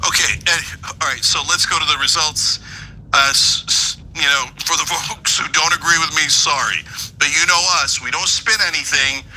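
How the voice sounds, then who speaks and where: Brief: male host with a heated, combative delivery and a sharp, bright tone. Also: on the high side, fairly even intonation, moderate pace, a little hiss or hum, rough recording. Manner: ranting, heated. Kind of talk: political commentary.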